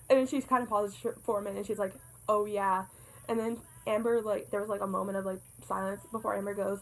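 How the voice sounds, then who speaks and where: A young woman vlogger telling a story in an excited, breathless way, full of "like"s. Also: medium pitch, a little fast, poor audio. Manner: excited, breathless retelling with many "like"s. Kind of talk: casual storytime.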